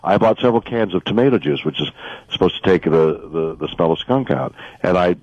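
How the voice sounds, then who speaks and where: Give me a man on a dry, lo-fi phone line, chatting haltingly with a wry edge. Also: deep voice, animated, darkish tone, no echo. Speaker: celebrity guest calling in. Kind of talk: casual radio chat by phone. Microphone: telephone.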